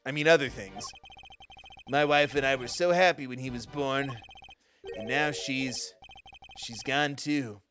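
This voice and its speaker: A man's voice: mid-range voice, unhurried, long pauses, music in the background, close to an everyday voice. Man voicing a doting sentimental old chairman. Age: older. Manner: wistful, grandfatherly, drawn out.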